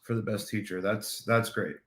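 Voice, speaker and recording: Dry deadpan man, low voice. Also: normal speed, roomy sound. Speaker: co-host of a livestream talk show. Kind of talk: casual livestream chat.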